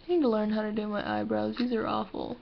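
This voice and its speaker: A woman's voice: mid-range voice, little pitch movement, fast talker. A young woman chatting casually through a makeup tutorial, teasing herself as she works, recorded on a laptop microphone at home. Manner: chatty, self-deprecating, talks while doing makeup. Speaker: beauty vlogger. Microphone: laptop camera mic. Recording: dull lo-fi laptop recording with clear noise.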